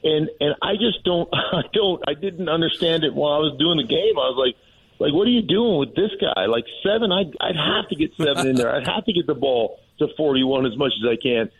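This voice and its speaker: Husky-voiced man on a phone line. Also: a little high, a little fast. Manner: animated storyteller. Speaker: former player and football analyst. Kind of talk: casual sports talk.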